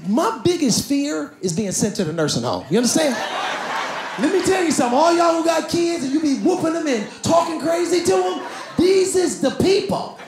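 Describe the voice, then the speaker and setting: Loud, high-pitched stand-up comedian man. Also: moderate pace, music in the background. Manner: loud, animated storytelling with shouted punchlines. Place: large theater stage with audience. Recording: echoey venue with crowd laughter.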